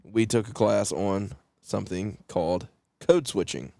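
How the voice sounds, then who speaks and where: A man's voice: fairly low pitch, unhurried, gravelly, warm tone, dry recording. A man from West Virginia with a West Virginian accent, co-hosting a podcast and telling stories in a joking, casual way. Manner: joking, storytelling. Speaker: podcast co-host, English teacher. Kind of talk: casual chat.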